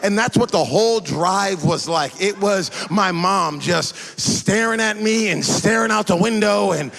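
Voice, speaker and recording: Male pastor, gravelly and fairly high, animated sermon storytelling with many restarts. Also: unhurried, hardly any pauses.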